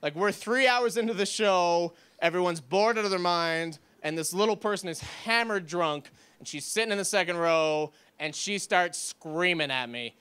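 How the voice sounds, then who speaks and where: Young male stand-up, high and clear voice, rambling self-deprecating delivery, club stage mic. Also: moderate pace, a bit bright. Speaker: stand-up comedian. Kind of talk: stand-up routine.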